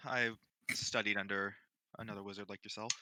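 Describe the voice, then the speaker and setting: A man's voice: on the low side, steady tone, brisk, sharp tone, a little hiss or hum, poor audio. A man playing a tabletop game, speaking casually and hesitantly with some joking. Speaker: player.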